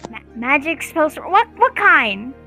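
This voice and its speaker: A scatterbrained old shopkeeper woman, pitched high and piercing, as a woman game master puts her on. She speaks loudly in a folksy sing-song, then forgets who she is talking to. Her voice rings bright and sharp. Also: very animated, measured pace, soft background music, full character voice. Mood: dotty. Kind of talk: tabletop role-play voice.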